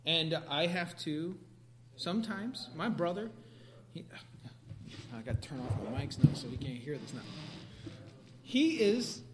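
A man preaching a sermon, animated, swinging from quiet asides to sudden loud outbursts. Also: on the high side. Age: adult parent.

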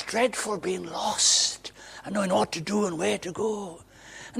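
A man from Wales preaching a sermon in a conversational way, moving between loud emphasis and quiet asides. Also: high-pitched, steady tone, measured pace, creaky, husky.

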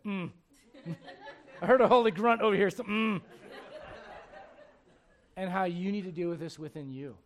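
High-voiced, animated male preacher. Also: normal speed, long pauses. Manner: animated, rousing, asks the congregation questions. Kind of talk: sermon. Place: church before a congregation.

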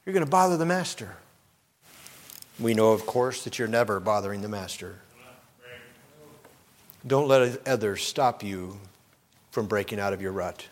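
A man's voice: fairly low pitch, lively intonation, unhurried, pauses often. Impassioned preaching man. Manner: preacherly, rises to loud impassioned shouts when quoting. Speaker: pastor. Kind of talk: sermon.

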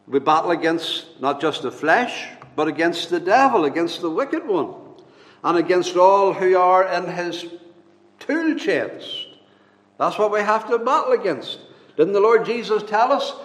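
A man preaching a sermon in an earnest, emphatic way, drawing out the scripture quotes slowly. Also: high voice, in a large hall.

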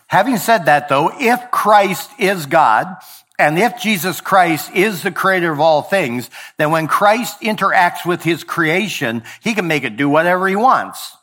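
Earnest male pastor preaching. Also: a little high. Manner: earnest, wide swings from quiet to emphatic. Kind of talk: sermon.

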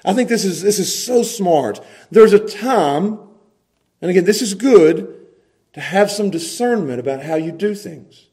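A man preaches with a high, lively voice. He swings between loud, pressing emphasis and soft, quiet asides as he works through his sermon. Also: unhurried. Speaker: pastor.

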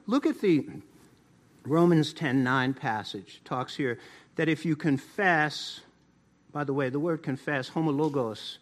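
A man preaching a sermon as pastor, building to emphatic declarations and then dropping low and slow to press a point.

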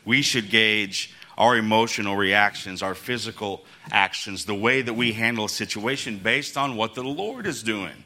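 A man's voice: lowish voice, normal speed, few pauses, sharp tone. A man preaching a casual, conversational sermon as pastor, chuckling between points and acting out the quotes in his story.

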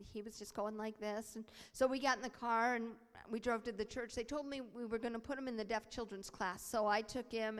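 Woman interpreting a sermon story, high voice, lots of acted voices, big echoey hall. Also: clear, resonant tone. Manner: animated, acts out quoted voices. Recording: long hall reverb.

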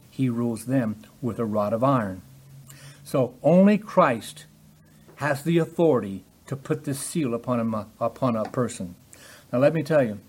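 A man preaching a sermon with emphatic delivery that rises in pitch and volume on key points. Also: darkish tone, slightly rough.

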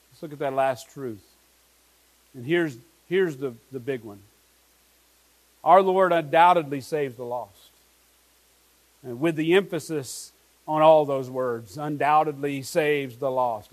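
A man's voice: a little high, rough recording. A pastor preaching an earnest sermon to his congregation, asking his listeners many questions.

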